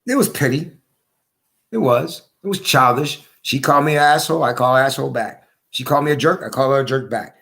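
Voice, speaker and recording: A hoarse man telling his story in a casual monologue, repeating his points for emphasis. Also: mid-range voice, a little fast, a bit bright. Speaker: vlogger.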